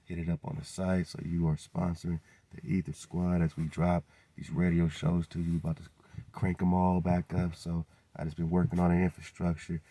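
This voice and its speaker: Man hosting a radio show, deep mellow voice, preachy and hyped, says "man" a lot. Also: flat delivery, moderate pace, dry recording. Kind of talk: casual monologue with promo plugs.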